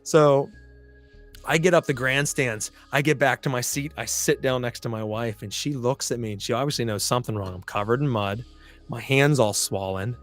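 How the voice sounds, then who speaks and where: A man at a middle pitch tells a story from his past as a podcast host. His telling is blunt and full of swearing. Music plays faintly behind him. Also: moderate pace. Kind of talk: storytelling monologue.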